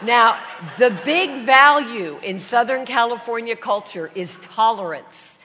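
Speaking a bit slowly in a fairly high, expressive, pushed and bright voice, this Christian woman preaches while nursing a cold. Her sermon is full of humorous travel stories, with put-on voices and laughter between lines. The large-hall recording has a long reverb and a slight hiss or hum.

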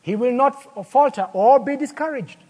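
A man delivers a sermon in a husky, high-pitched voice. He tells little stories and acts out the people in them, then drives the point home with rhetorical questions. His voice rings out with a long reverb, as if in a large church hall. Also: moderate pace, a little mellow. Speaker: preacher.

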